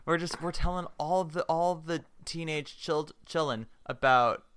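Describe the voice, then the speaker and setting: A man's voice: on the high side, unhurried, fairly bright tone, a little hiss or hum. A man co-hosting a podcast in casual chat, teasing and rambling. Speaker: podcast co-host.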